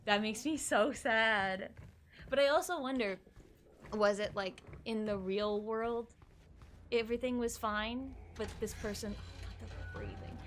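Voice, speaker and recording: A woman's voice: a little high, a little slow, a little hiss or hum. A young woman streaming a horror game, chatting casually and thinking aloud, easily spooked. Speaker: gaming streamer. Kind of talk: casual live-stream commentary.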